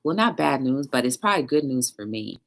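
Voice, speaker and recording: A woman's voice: a bass voice, fairly quick. A woman hosting a live-stream chat show, telling stories and reading chat aloud in a loose, slangy manner. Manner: animated storytelling, reads chat aloud, slangy. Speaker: talk show host.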